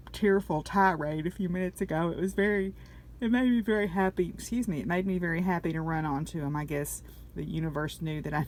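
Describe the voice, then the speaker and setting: A woman, talking in a rambling, candid diary vlog with soft laughs and fillers. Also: fairly low pitch. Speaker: vlogger.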